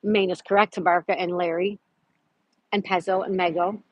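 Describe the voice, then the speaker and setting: A woman's voice: lowish voice, steady tone, normal speed, dry recording, dull audio. Chatty woman hosting a park livestream. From Florida. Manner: chatty, greets viewers by name, reads trivia aloud. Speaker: livestream host. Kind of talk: casual livestream chat. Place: outdoors in a park.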